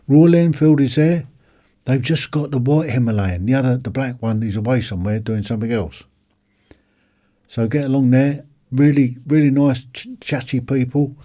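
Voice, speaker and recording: A man's voice: medium pitch, dark tone. A man rambling casually about a motorbike show, with plenty of ums and restarts. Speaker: motorcycle vlogger. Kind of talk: casual walkaround commentary.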